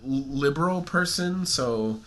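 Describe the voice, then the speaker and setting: A man's voice: fairly high pitch, animated, takes it slowly, fairly bright tone. A man with a cold and a stuffy nose, co-hosting a podcast in joking, casual chat with lots of laughs. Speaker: podcast co-host.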